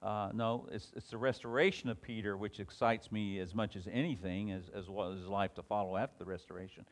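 A man with a somewhat low voice teaches an informal Bible class. He reads scripture aloud with lifting emphasis, then explains it in a loose, conversational way, full of small restarts. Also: steady tone, fairly quick.

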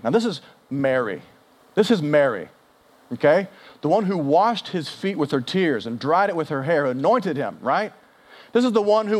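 A pastor delivers a sermon in an animated, conversational way. He acts out quoted speech, swinging widely in pitch and volume.

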